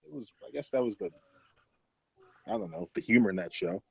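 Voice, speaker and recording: A man's voice: medium pitch, big pitch swings, fairly quick, gravelly, a little mellow, slightly rough, no echo, lo-fi sound. A man co-hosting a casual wrestling podcast, rambling through a match recap with lots of fillers and laughs. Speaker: podcast co-host. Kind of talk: casual chat.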